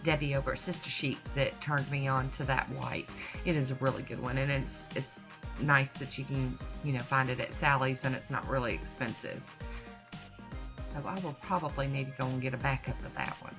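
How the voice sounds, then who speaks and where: Chatty low-voiced woman. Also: steady tone, fairly quick. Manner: chatty, folksy and enthusiastic. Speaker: nail art channel host. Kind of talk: casual tutorial voice-over. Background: soft background music.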